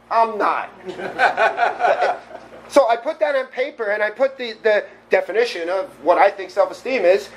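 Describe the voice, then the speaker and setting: A middle-aged man giving a candid, animated personal recovery talk, often laughing at himself. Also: high-pitched, a little hiss or hum, poor audio. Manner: candid, animated storytelling with self-deprecating laughs. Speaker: recovery meeting speaker.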